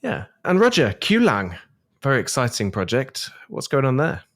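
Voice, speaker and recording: Lively, joking male podcast host. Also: mid-range voice, moderate pace. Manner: playful, jokey, laughs easily. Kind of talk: casual tech podcast chat.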